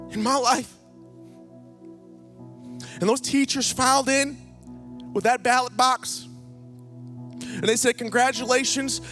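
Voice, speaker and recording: A young male preacher with a notably high voice tells his stories with lively energy, slipping into the voices of the people in them. Soft music plays faintly behind his sermon. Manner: animated, acts out dialogue in his stories. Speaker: guest speaker. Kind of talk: storytelling sermon. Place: church stage.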